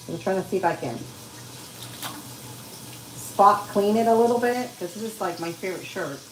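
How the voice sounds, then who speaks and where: A woman's voice: medium pitch, a little hiss or hum. A woman hosting a casual cooking livestream from her home kitchen, chatting with viewers as she cooks. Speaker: livestream host. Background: frying and sizzling in a kitchen.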